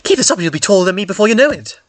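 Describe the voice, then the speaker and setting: A man voicing a gentle, motherly female troll who talks in a cooing, sing-song way, in a fan comic read-aloud. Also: high-pitched, very animated, very fast, dry recording, voice pushed up. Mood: doting.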